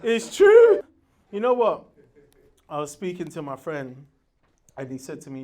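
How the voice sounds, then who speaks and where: A man's voice: a little high, huge pitch swings, a little slow, pauses often, a little mellow. A man performing a stand-up comedy set, telling stories brashly and animatedly, with his own sound effects and put-on voices. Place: comedy venue with live audience. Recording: crowd audible in the background. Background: audience laughter.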